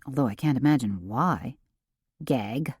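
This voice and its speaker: A woman reading a calm, gracious tea shop owner. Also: very deep voice, measured pace, slightly rough, dry recording, clean studio sound, pitched below the performer's own voice, exaggerated voice. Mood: calm reassuring. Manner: calm, soothing.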